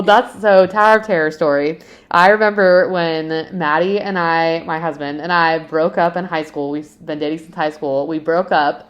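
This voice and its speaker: Chatty lower-voiced woman podcast host. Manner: animated storytelling with frequent laughs. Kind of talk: casual chat.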